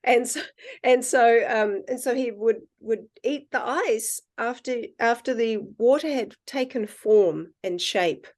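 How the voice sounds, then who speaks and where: A woman guest in casual conversation, telling animated stories and acting out the dialogue. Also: on the high side, a little slow. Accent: non-American accent, self-described. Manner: animated storyteller, acts out quoted dialogue. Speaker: guest, water researcher.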